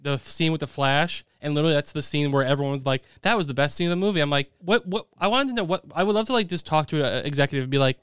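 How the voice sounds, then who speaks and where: A young man hosting a casual chat, excitable and quick with exclamations. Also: a little high, clean tone, no echo, studio quality. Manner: excitable, talks fast with exclamations. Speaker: podcast host.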